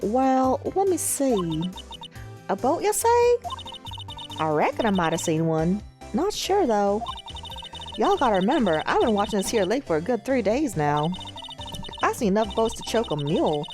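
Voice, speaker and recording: A woman's voice: mid-range voice, big pitch swings, moderate pace, music in the background, voice pushed up, natural voice. A woman voicing a brash young country photographer with a put-on American Southern drawl, folksy and teasing.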